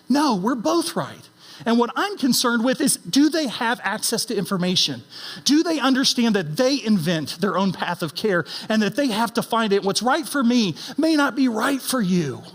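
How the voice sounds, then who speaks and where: A middle-aged man giving an inspirational stage talk, emphatic and animated, asking the audience rhetorical questions. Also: extremely high pitch. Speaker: founder and CEO giving a conference talk. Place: conference stage.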